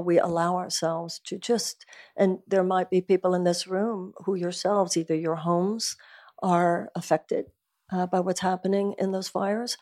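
A woman speaking as a guest at a live event, talking about spiritual life in an earnest, animated, emphatic way. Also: on the low side. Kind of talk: conversational talk at a live event.

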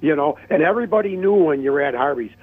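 A man calling in to a radio show, reminiscing in a halting, casual way. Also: a little high, lively intonation. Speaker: caller. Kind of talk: casual phone-in chat. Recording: tinny phone line.

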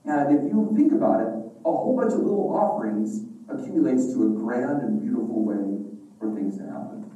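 Middle-aged male religious teacher, animated storyteller, recorded from a distance in a large echoey classroom. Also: medium pitch, fairly quick, muffled recording. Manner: animated storytelling, acting out dialogues. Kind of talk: devotional class talk. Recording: echoey room from far off.

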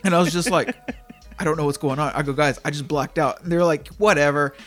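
A man's voice: a little high, fast talker, a bit bright, soft background music. A man telling a long dream story in casual chat, full of "like" and acted-out quotes. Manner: rambling, heavy use of "like", acts out quotes.

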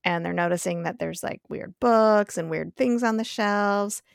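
A woman's voice: mid-range voice, gravelly, smooth, no room sound, clean studio sound. A woman guest on a podcast, casually recapping an episode and laughing often. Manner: giggly, quick to laugh.

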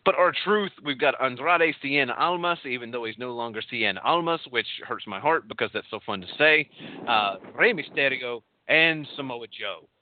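A man's voice: on the low side, dry recording. A man from Texas hosting a casual wrestling recap, talking in a rambling way with lots of fillers and restarts. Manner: rambling, filler-heavy, self-correcting. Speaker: podcast host. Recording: tinny phone-like line.

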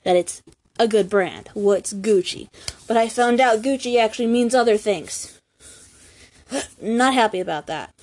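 A woman's voice: fairly high pitch, unhurried, pauses often, a little mellow. A young woman with a youthful, girlish voice, chatting casually and rambling on her own podcast, laughing often. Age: young adult. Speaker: podcast host. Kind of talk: casual solo chat. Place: room at home.

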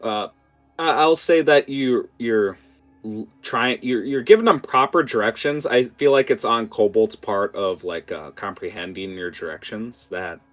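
A man narrating as game master of a tabletop game, halting and full of fillers. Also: on the low side, soft background music. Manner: hesitant, many fillers.

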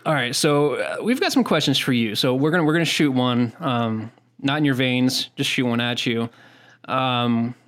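A man's voice: medium pitch, moderate pace, a bit bright. Joking male podcast host. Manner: joking, repeats words when starting sentences. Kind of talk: casual podcast chat.

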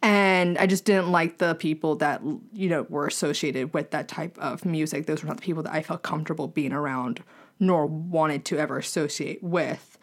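Young woman, lower voice, casual podcast co-host, chatty, laughs a lot. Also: normal speed. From American South. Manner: chatty, laughs often, trails off and restarts. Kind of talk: casual chat.

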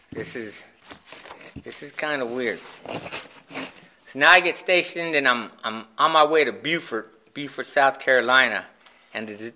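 A man telling his own recovery story in a candid, self-mocking way, with halting restarts. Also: medium pitch, bright, forceful tone, slight background noise. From Phoenix, Arizona, USA. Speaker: speaker sharing a recovery story. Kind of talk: personal storytelling talk at a recovery meeting.

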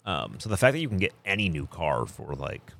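A man's voice: low-pitched, very animated, fairly quick, vocal fry, fairly bright tone. A man co-hosting a podcast, chatting casually and rambling with many fillers. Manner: rambling, filler-heavy, reacts with short interjections. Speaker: podcast co-host. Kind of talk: casual chat.

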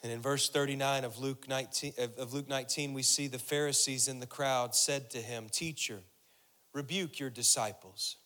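Bright-voiced male pastor preaching. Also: medium pitch, steady tone, moderate pace. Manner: preaching with rising intensity, voicing Jesus' words; repeats phrases for emphasis. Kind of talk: sermon.

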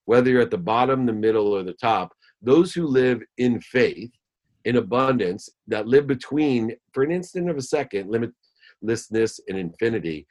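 A man's voice: medium pitch, animated, moderate pace, a little mellow. A man giving a motivational talk in an interview, emphatic and listing ideas in rhythmic phrases. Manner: acts out voices when telling a story. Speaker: guest speaker.

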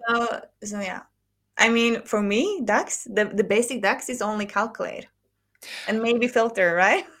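A woman's voice: fairly high pitch, measured pace, fairly bright tone. A woman from Norway, hosting a podcast in casual chat, rambling and laughing often. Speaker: podcast host.

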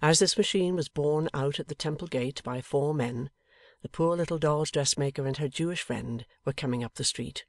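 A man reading a classic novel aloud as an audiobook narrator, in a measured, dramatic way. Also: a little high, no echo, clean studio sound. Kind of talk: scripted narration.

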